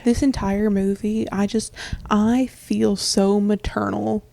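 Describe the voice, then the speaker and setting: A woman co-hosting a podcast, chiming in with quick remarks and agreement. Her voice carries a steady vocal fry, and the recording is dry and close. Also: mid-range voice, no room sound. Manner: chiming in with short affirmations. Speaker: podcast co-host. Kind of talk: casual chat.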